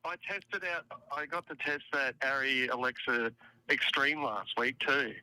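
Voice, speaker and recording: A man's voice: mid-range voice, a little slow, bright, forceful tone, clean tone, low-quality recording. An Australian man calling into a live stream, with dry, teasing banter. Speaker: caller. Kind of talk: casual phone call-in.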